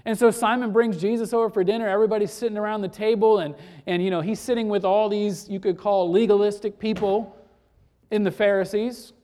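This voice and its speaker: A woman preaching a sermon and retelling a story to make her point, dropping to a hush for emphasis and then building back up. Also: mid-range voice, steady tone, a little fast.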